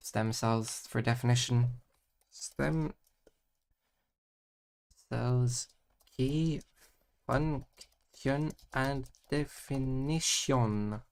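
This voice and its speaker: Man muttering through homework on stream. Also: mid-range voice. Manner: mutters to himself, playful nonsense words, chats with viewers; drifts between loud bursts and quiet mumbling. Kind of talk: casual livestream chat.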